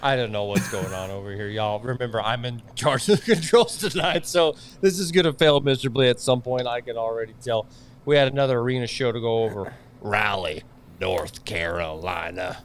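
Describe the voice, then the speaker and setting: A man's voice: mid-range voice, quick pace, a little hiss or hum. A man hosting a casual motorsport chat show, giving blunt opinions in a drawling, easygoing way. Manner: opinionated, drawling, says y'all. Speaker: show host.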